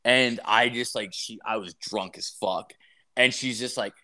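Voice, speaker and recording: A man's voice: medium pitch, a little slow, sharp tone. A young man from Canada telling crude stories in casual chat, rambling and swearing, with lots of fillers. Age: young adult. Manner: rambling, profane storytelling with many fillers.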